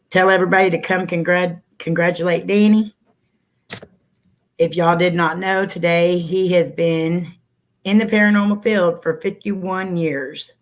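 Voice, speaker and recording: A woman hosting a casual livestream, chatting and greeting viewers by name over a computer mic. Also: on the low side. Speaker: livestream host.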